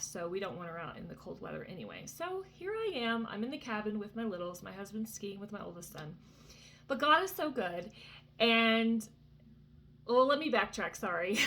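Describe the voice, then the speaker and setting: Speaking from a vacation cabin, this woman in her thirties, a Christian vlogger, gives a heartfelt faith testimony peppered with fillers and side remarks. She has a fairly low, somewhat bright voice, and a little hiss or hum sits under the recording.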